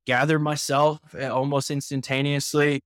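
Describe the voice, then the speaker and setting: A man's voice: a little high, flat delivery, normal speed, a bit bright, clean tone, no room sound, studio quality. A man in his twenties from Indiana, a podcast guest earnestly recounting his personal story with frequent restarts.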